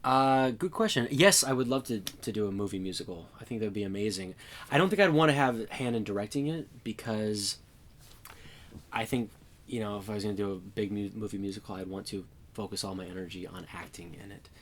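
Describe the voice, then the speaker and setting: A man answering interview questions in a trailer on a TV set, easygoing and relaxed, with hesitant fillers. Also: on the low side, brisk. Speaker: interview guest.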